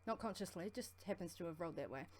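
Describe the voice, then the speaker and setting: A woman with a strong New Zealand accent talks quickly and rambles through a casual livestream chat. Her voice sits a bit low. A faint hiss of noise runs under the recording. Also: expressive. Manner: fast, rambling, affectionate shout-outs. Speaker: co-host of a vaping livestream.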